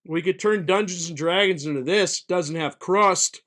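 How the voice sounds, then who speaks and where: A man voicing a sluggish, sleepy male office worker who mumbles slowly and hesitantly. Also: sits high, fairly bright tone. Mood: dopey.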